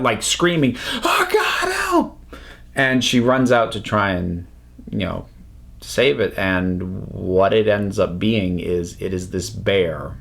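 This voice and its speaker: A man hosting his own film video, talking in casual commentary that is expressive and halting, with many restarts. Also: on the low side. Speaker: YouTube host reviewing films.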